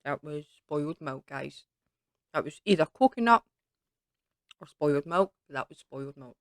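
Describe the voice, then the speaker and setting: Chatty Scottish woman, low smooth voice. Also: animated, moderate pace, long pauses, dry recording. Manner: chatty, rambling with many fillers. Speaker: YouTube creator. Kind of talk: casual Q&A chat to camera.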